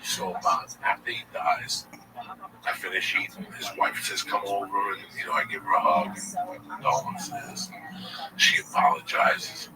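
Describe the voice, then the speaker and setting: A man in his forties telling a long personal story as a guest, casual and profane, with animated delivery. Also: low voice, a little slow, loud music behind the voice. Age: 40s. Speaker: comedian guest. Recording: distant mic with loud background noise.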